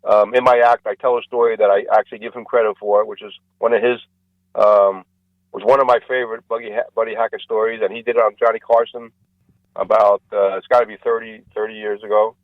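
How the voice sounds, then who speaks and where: Male comedian guest, lively joke-teller, muffled dry radio audio. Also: fast talker, no room sound. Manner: animated joke-telling, acts out characters with rising pitch. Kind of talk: radio interview storytelling. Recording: dull lo-fi radio sound, dry.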